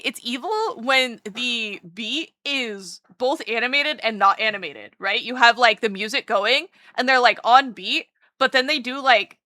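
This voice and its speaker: A bubbly woman streamer greets her chat over and over and rambles happily, full of fillers. Her voice is bright and a little high. It sounds dry and close, from a desk mic at home. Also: no echo. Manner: bubbly, excitable, greets chat with repeated hellos; chatty and rambling, lots of "like" and "um". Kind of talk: casual live-stream chat.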